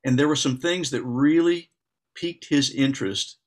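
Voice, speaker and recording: A man's voice: medium pitch, moderate pace. Man co-hosting a chill faith talk, earnest and agreeable, average voice, explains stuff at length. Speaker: co-host. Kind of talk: casual faith discussion.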